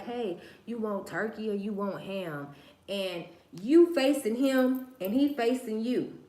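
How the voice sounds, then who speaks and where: On a livestream, a woman with a medium-pitched, somewhat dark voice shares her opinions in a reverberant space. She talks in a slangy, emphatic, preachy style and keeps repeating her phrases, a casual opinion monologue from the host.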